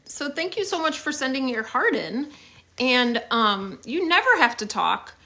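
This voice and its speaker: A young woman talks casually on a phone livestream, her tone bright and clear. Her pitch rises and falls a lot as she chats and thanks viewers. She fills the gaps with "um" and "like". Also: lively intonation, a little slow. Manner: chatty and upbeat, thanking viewers with many fillers. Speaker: livestream host.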